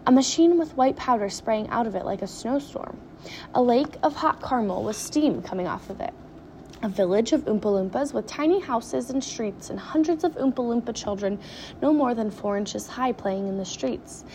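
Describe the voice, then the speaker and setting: A woman reading a children's story aloud with dramatic, animated pacing. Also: a little high, moderate pace, a little hiss or hum. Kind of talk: expressive storybook read-aloud.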